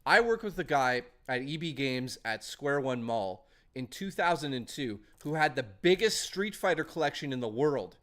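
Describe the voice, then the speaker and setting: A man's voice: mid-range voice, lively intonation, normal speed, few pauses, a bit bright. A man streaming casually, rambling and chatting and reading out messages from his chat.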